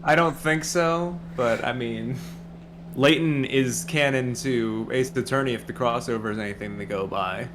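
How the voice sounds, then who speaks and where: A man's voice: medium pitch, normal speed, background noise. A man co-streaming a game in casual commentary, easygoing and hedging, laughing often.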